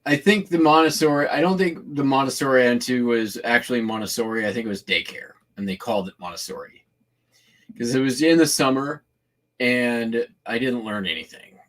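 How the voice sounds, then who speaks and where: A man's voice: medium pitch, a little fast, a bit bright. A man hosts a laid-back vlog, chatting in a meandering way full of "like" and "kind of". His voice sits in a middle range, and he talks his way through hand gestures as he goes. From Washington state, US. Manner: loose and meandering, lots of "like" and "kind of" fillers. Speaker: host of a shipping vlog. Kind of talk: casual rambling chat.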